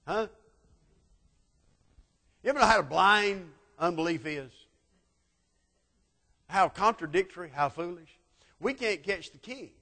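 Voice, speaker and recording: A preacher with a somewhat high voice retells a Bible story in a sermon. He acts out the speakers and swings between loud peaks and quiet asides. His voice carries a long reverb from a large hall. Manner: dramatic storytelling preaching, acting out quotes, swinging loud to soft.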